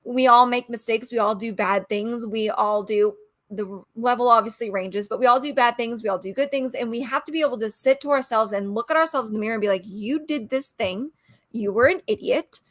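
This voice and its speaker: Earnest, opinionated woman, slightly high voice. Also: fast talker, fairly bright tone, no echo, clean studio sound. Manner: earnest, opinionated, acts out quotes. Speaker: podcast co-host. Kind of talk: casual chat.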